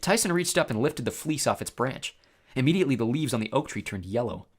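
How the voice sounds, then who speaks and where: Expressive male storyteller. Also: medium pitch, fast talker, slightly rough. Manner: expressive first-person reading. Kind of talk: storybook narration.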